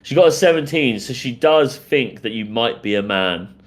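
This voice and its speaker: A man's voice: medium pitch, animated. Playful man running a tabletop game. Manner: rambling, playful, quick asides. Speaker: dungeon master.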